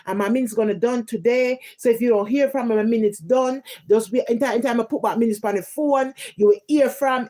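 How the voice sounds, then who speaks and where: A woman's voice: fairly high pitch, fairly quick, few pauses, dark tone. A woman from Jamaica with a Jamaican accent, ranting heatedly in emphatic patois on a live stream. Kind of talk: casual live-stream rant.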